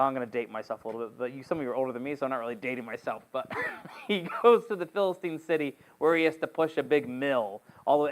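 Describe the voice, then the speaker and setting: A man teaching a casual Bible study, retelling the story in an animated, slangy, joking way. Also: fairly high pitch, low-quality recording.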